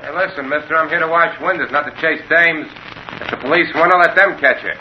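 An actor playing a gruff, blunt working-class window washer in a 1940s-style radio drama, on a scratchy old broadcast recording. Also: male voice, on the high side, fast talker, dull audio, close to an everyday voice. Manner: blunt, dismissive, tough street talk.

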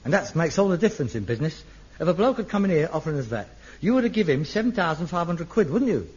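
A middle-aged man, acting in an old TV sitcom, theatrical and excitable, muttering one moment and ranting the next. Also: a little high, fast, slightly rough. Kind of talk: 1960s-70s TV sitcom acting. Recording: lo-fi archive TV sound with faint hiss.

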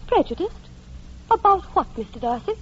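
An actress playing a proud, sharp-witted young gentlewoman who speaks with poised, pointed politeness, in a radio play on a dull lo-fi recording. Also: extremely high pitch, big pitch swings, normal speed, a little hiss or hum, exaggerated voice. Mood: cool. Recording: dull lo-fi sound.

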